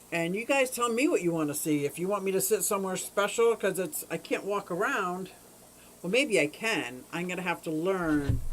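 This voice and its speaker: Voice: medium pitch, a little hiss or hum, poor audio. Chatty fishkeeping livestream host at home. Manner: chatty, rambling, greets viewers by name. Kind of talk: casual livestream chat. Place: home room beside fish tanks. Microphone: camera mic on a short cable.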